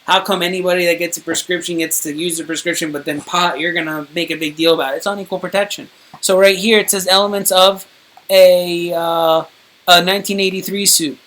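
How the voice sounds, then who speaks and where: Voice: mid-range voice, fairly even intonation, a little fast, a bit bright. A streamer in a casual, rambling monologue to viewers, indignant and wordy, swearing now and then. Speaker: streamer recounting own court case.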